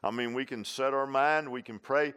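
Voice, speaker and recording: A man's voice: medium pitch, fairly even intonation, moderate pace, a bit bright, smooth. A man preaching a sermon, repeating lines for emphasis and tossing in "huh?" and "amen.". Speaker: pastor.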